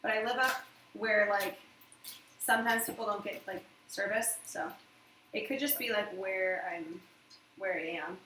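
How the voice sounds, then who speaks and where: Chatty and rambling, a live cooking show host talks to her viewers while making food in her home kitchen. Her mid-range voice is unhurried, pushed and bright. Recorded on a phone set back from her, the distant mic picks up roomy echo and clear background noise.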